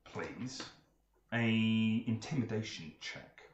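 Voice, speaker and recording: A man narrating a tabletop game as game master, relaxed and laughing, with filler pauses. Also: on the low side, muffled recording, heavy background noise. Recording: echoey room.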